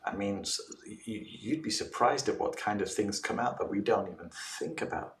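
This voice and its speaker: Male guest coach, low voice, lively storyteller; distant, echoey call audio with faint background hum. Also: moderate pace. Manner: animated storytelling, acts out clients' replies. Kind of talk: casual interview talk. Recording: roomy, distant mic with faint ambience.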